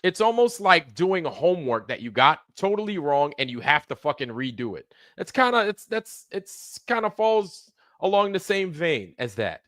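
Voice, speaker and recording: A man with a fairly high-pitched voice rants on his livestream, fired-up and profane, hammering each point with repeats. The sound is dry and close, with no room around him. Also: big pitch swings, moderate pace, a bit bright, no echo. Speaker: livestream host. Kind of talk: heated ranting commentary.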